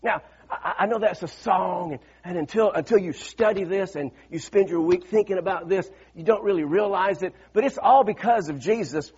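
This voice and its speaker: With a high-pitched, slightly rough voice at normal speed, a middle-aged male pastor delivers a sermon. He calls on the congregation to echo his lines and recounts a personal story, his intensity rising until he's shouting. The recording sounds dull.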